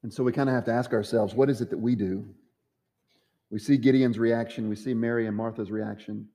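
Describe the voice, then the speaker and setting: A man's voice: medium pitch, fairly even intonation, fairly quick, dark tone, long reverb tail. A man preaching a sermon as pastor, acting out the quoted voices with dramatic swings. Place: church sanctuary.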